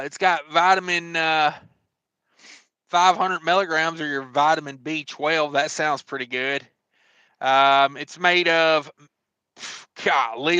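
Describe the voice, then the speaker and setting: Trucker guy on a livestream, high bright voice, slow easy rambling, dry close sound. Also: clear, resonant tone, no room sound. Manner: rambling, joking, lots of fillers and laughs. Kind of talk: casual live-stream chat.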